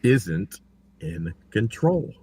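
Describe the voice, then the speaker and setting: A lower-pitched man tells a story with a lively, swooping voice, mimicking other people as he talks. Faint noise sits under the recording. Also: extremely slow. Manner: animated, acts out quotes with big pitch jumps. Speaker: plaintiff discussing his own court case. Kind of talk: casual livestream chat.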